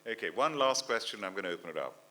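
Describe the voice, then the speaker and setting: A man moderating a book launch, asking halting, encouraging questions. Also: fairly low pitch, animated, bright, forceful tone, slight background noise. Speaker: event host.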